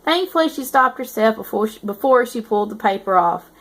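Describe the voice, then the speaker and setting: A woman's voice: on the high side, expressive, fairly quick, a bit bright. Woman reading as a teasing young male narrator. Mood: amused. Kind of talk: reading a novel aloud.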